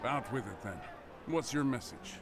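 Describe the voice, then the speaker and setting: A man plays a brusque Viking in a video game, gravel in his throat and no patience for anyone in front of him. His talk is short, dismissive and sharp-edged, with a crowd murmuring behind him. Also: mid-range voice, lively intonation, moderate pace, lightly acted. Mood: impatient, scornful. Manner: curt, impatient, talks down to others. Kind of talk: video game character dialogue.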